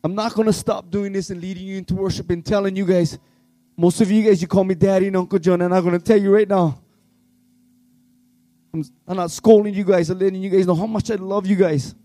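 A man leading worship, preaching with fervent, pleading passion that swings from shouts to hushed tones. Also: sits high, steady tone, fairly quick, no room sound. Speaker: worship leader. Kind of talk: impassioned youth revival sermon.

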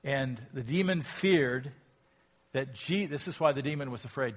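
A pastor preaching a sermon, reading scripture aloud and asking reflective, rhetorical questions. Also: male voice, medium pitch, moderate pace. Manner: reflective, asks rhetorical questions, rises in volume when quoting scripture.

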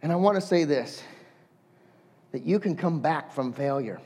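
A male pastor delivering a sermon with a notably high voice for a man. He tells stories animatedly, acting out quotes and rattling off lists. His voice rings with a long hall reverb. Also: moderate pace, husky. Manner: storytelling with lively voiced quotes and listed words.

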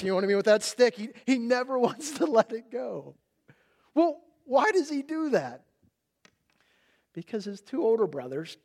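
A middle-aged male pastor giving a sermon and telling a lively family story, loudly acting out his small son's shouts. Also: high voice.

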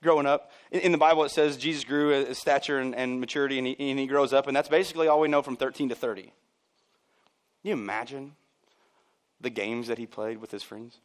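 A man's voice: medium pitch, fairly even intonation, brisk. A man pastor preaching a sermon in a church, chatty and joking, acting out the voices of people he quotes.

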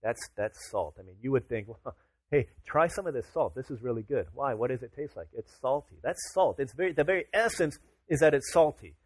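A man's voice: medium pitch, lively intonation, a little fast, slightly rough, no echo. A man preaching a sermon to his congregation, casual and chatty, rising to emphatic declarations. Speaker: pastor.

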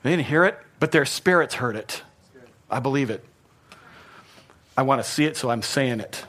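A man preaching a sermon in a church, earnest, repeating phrases for emphasis and swinging from soft to loud. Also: mid-range voice, animated, normal speed. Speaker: pastor. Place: church hall.

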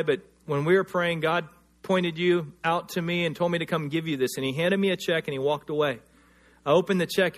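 A man preaching a sermon, swinging from loud emphatic lines to quiet, hushed ones, and telling personal stories. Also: on the high side. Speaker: pastor.

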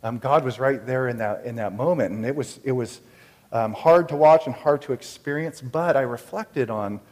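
A man telling a personal faith story in an earnest, reflective way, with many halting restarts. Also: medium pitch, a little mellow, in a large hall.

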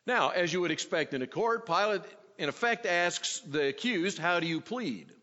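A man delivers an expository sermon in a slightly high, lively voice. He teaches at a measured pace and acts out the quoted questions with changing inflection. The sound is dull, with a long reverb from the hall. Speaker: preacher.

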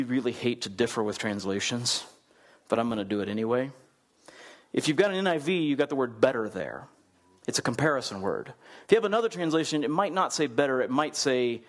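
A man preaching a sermon in a conversational, animated way, acting out the people in the story and putting questions to his listeners. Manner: animated storyteller, acts out quotes with big swings in pitch; conversational, asks the congregation questions. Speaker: pastor.

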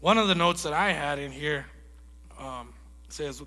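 A man preaching a sermon in a lively storytelling way, acting out conversations as he goes. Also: on the high side, measured pace, long pauses, in a large hall. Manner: animated storytelling, acts out dialogue. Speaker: guest preacher.

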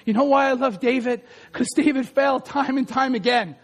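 A man preaching a passionate sermon, moving from shouted prayer to low, close talk to the congregation. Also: fairly even intonation, normal speed. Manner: impassioned, swinging from fervent shouted prayer to low intimate talk. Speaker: pastor.

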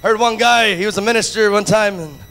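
A man from Latin America preaching a sermon with passion, rising to shouts and acting out the voices of others. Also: sits high, fast, low-quality recording.

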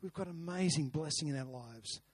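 A man's voice: fairly high pitch, moderate pace, breathy edge, no room sound. A man preaching a sermon, earnest, with rhetorical questions and repeated words. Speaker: pastor. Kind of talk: sermon with a told story.

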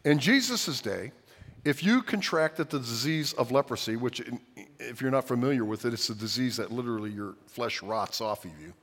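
A man preaching with lively, swooping pitch that drops to near-whispers and rises to loud cries. His voice rings out with a long hall reverb, as in a large church. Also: moderate pace. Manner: dramatic, swings from hushed to shouting. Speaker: pastor. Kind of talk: sermon.

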